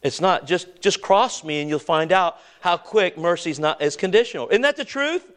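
With lively intonation, a man preaches to his congregation as their pastor, asking them questions and pausing for responses. Key words come out slowly, and he goes low and quiet to underline his points.

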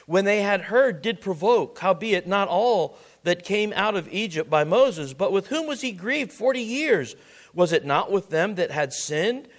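A preacher man with a high-pitched, gravelly voice delivers a sermon. He repeats his phrases and asks the congregation questions. His volume swings widely, from loud exhortation down to a hushed near-whisper.

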